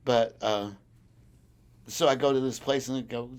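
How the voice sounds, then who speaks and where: A man's voice: mid-range voice, moderate pace, clear, resonant tone. A farmer in an oral history interview, telling his stories with plenty of chuckles and acting out the voices of the people in them. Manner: animated storyteller who acts out quoted voices; chuckles often while telling. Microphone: recorder on a desk.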